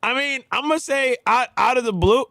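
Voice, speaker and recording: A man hosting a podcast, chatting casually, laughing often and breaking into disbelieving shouts. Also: very high-pitched, a little fast, vocal fry, no room sound, clean studio sound. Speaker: podcast host. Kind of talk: casual chat.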